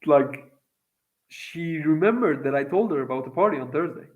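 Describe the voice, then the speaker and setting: A man's voice: fairly high pitch, lively intonation, normal speed, rough recording. A young man from Iran telling a long personal story in a casual, profane, rambling way, with lots of fillers. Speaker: vlogger.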